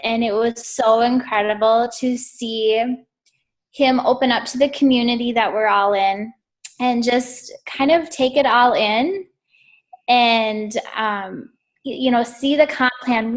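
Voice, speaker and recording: A woman sharing an emotional, gushing story in casual talk on a team call. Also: a little high. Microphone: call audio.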